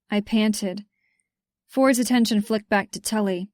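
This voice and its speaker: A woman's voice: medium pitch, fairly even intonation, normal speed, a little mellow, no room sound, clean studio sound. A woman reading a first-person romance audiobook in a tense, urgent way. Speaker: audiobook narrator.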